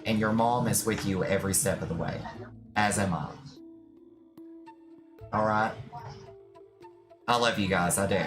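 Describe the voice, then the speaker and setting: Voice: low voice, unhurried, long pauses. A tarot reader on a live stream, chatting casually and affectionately with viewers, reassuring them and calling them "my love". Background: music.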